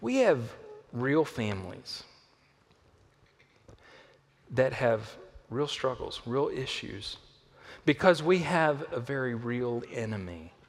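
Pastor preaching in a reverberant hall. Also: male voice, medium pitch, takes it slowly, pauses often. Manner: lively, swinging between loud emphasis and hushed delivery; playful asides with a volunteer on stage. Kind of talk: sermon. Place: church auditorium.

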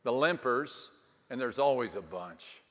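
A male pastor preaching a storytelling sermon with dry humor, dramatic pauses and swings from hushed to loud. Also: medium pitch, expressive. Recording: long hall reverb.

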